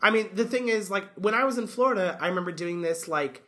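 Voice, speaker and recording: A podcast co-host in casual chat, rambling and animated, full of fillers. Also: mid-range voice, fast talker.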